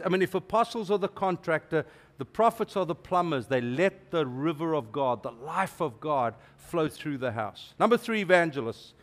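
A middle-aged man gives a sermon as a guest preacher. His voice sits fairly high and he speaks in an animated, emphatic way, slipping in playful asides.

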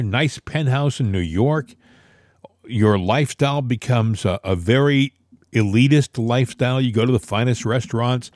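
A man's voice: mid-range voice, darkish tone, no room sound. Emphatic, opinionated male co-host, dry sound. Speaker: podcast co-host. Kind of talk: casual political chat.

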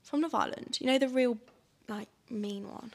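A woman's voice: a little high, moderate pace, gravelly. A young woman from Leicester with a Leicester accent, co-hosting a podcast in casual chat and saying "like" a lot. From England. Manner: chatty, says "like" a lot. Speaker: podcast co-host. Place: studio.

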